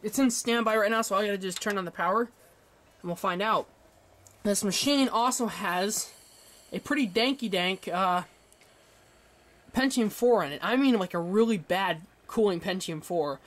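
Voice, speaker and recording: A man's voice: high-pitched, a bit bright. Rambling teenage guy showing off his PC. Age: teens. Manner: rambling, self-correcting, chuckles at himself. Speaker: hobbyist showing a rebuilt computer. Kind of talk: casual show-and-tell.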